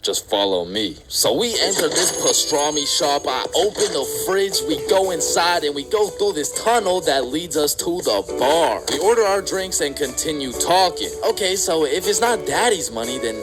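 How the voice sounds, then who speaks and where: A young man tells a comedic dating story with punchy, slangy delivery. His pitch swings widely and sits a little high. A clear music bed plays under his voice. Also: animated, moderate pace, few pauses. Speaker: storytime vlogger. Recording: background music.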